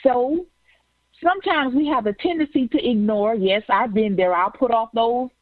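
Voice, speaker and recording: Pumped up woman host hyping her listeners, higher voice, dry close sound. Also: moderate pace, dry recording, narrow, tinny audio. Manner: energetic, repeats words, addresses listeners as "you all". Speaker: podcast host. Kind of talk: upbeat inspirational show hosting.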